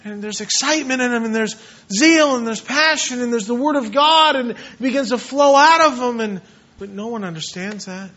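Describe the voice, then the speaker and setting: A man preaching with fervor, his voice pitched very high and ringing sharp and bright. He drives his sermon hard and slips into mocking voices for the doubters. The recording sounds dull and lo-fi. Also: normal speed. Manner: impassioned, mimics doubters in quoted asides.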